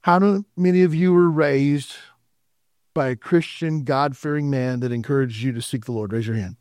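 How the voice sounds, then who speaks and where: Man, pastor, conversational sermon, mellow tone, dry sound. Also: medium pitch, moderate pace, no echo. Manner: conversational preaching with asides and quoted dialogue. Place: church sanctuary.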